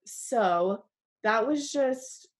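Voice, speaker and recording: A young woman telling an earnest personal faith story in an interview, halting often with fillers. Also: a little high, animated. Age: young adult. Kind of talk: personal testimony.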